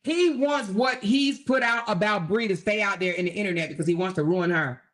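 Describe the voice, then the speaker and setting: A woman hosting a livestream, commenting in a profane, emphatic and animated way. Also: medium pitch, a little fast. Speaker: host.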